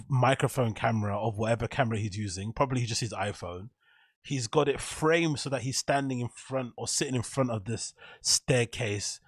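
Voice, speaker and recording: A man's voice: mid-range voice, husky, no room sound, clean studio sound. A man giving rambling, profane reaction commentary as host, laughing often.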